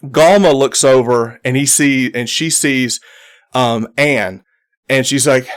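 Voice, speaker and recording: A man narrating as game master of a tabletop game, talking in halting runs with many ums and restarts. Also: medium pitch, clear, resonant tone.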